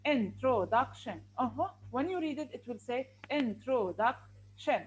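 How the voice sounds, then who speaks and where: A woman's voice: high voice, fairly quick, background noise. A woman teaching an online English class over a video call, patiently repeating and stretching words as she explains.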